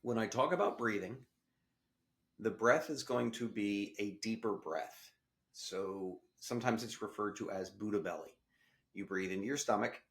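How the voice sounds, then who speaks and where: A man leading a guided breathing meditation, with slow, gentle instructions in casual wording. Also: lowish voice. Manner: casual wording with small restarts. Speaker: meditation teacher.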